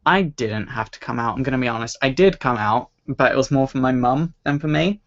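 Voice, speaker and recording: A young Scottish man with a mid-range voice chats casually and fairly quickly as a livestream host answering viewer questions. He rambles, puts himself down, and laughs at his own stories. The home stream audio is dull and lo-fi.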